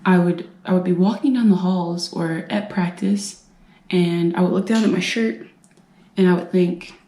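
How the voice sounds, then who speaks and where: A woman from the United States telling her own survivor story in an earnest, halting way, repeating phrases for emphasis. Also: fairly low pitch, mellow. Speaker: brain injury survivor and veteran speaker. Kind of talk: personal storytelling talk. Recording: roomy echo.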